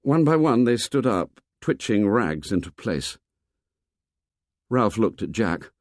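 A man narrating a novel aloud in a measured, expressive storytelling manner. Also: fairly low pitch, no room sound, studio quality. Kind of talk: audiobook narration.

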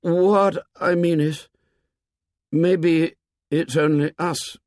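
A man voicing a shy, halting boy. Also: fairly high pitch, no room sound, clean studio sound, pitched above the performer's own voice. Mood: hesitant. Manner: halting, tentative delivery. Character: shy, hesitant boy struggling to speak.

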